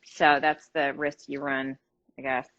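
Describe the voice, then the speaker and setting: A woman in her thirties, a guest on a casual livestream, talking in a chatty, relaxed way and swearing now and then. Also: very deep voice, unhurried. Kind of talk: casual chat. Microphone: phone on a live video call. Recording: dull, lo-fi livestream audio.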